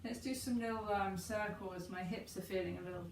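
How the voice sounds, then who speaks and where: A woman teaches yoga in a soft, unhurried way and leaves pauses between her cues. Her voice sits at an ordinary pitch. The recording is roomy and a little distant, and faint noise hums underneath. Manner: calm, gentle guiding with slow pauses. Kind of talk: guided yoga and breathing session. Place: indoor room, rain on the roof.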